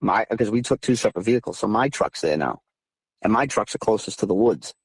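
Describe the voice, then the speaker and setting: A man in his thirties from southeastern Massachusetts, a guest recounting encounters over a phone call in an animated, emphatic way that climbs higher when he gets heated. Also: brisk, slightly rough, no room sound. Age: 30s. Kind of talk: casual storytelling interview.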